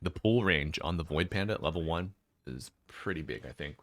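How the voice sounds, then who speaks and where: Male stream caster, deep, laid-back and chatty, dry close mic. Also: lively intonation, fairly quick, fairly bright tone, dry recording. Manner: chatty, laid-back, reads out chat names. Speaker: esports caster. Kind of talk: casual live-stream commentary.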